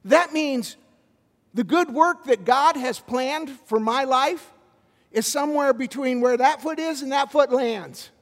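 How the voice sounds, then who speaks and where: A man preaching a sermon as a visiting pastor, animated, with stammered restarts as he tells a story. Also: very high voice, measured pace, big-room sound.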